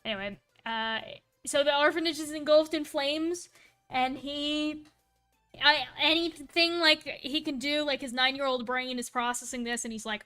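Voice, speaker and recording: High, bright-voiced woman streamer. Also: steady tone, faint music behind. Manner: rambling, full of asides and self-corrections; playful and quick to laugh at herself. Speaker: livestreamer. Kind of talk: casual storytelling on a live stream.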